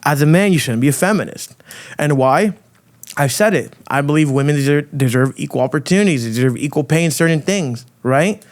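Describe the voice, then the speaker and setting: A man hosting a podcast, delivering a loud, crude, provocative rant full of swearing. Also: a little high, lively intonation, brisk. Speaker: podcast host. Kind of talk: ranting monologue.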